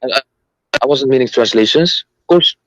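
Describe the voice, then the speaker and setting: A man from Indonesia, a guest in a live online debate, who talks hesitantly with many fillers and reads out haltingly. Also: medium pitch, a bit bright, no room sound, highs cut off.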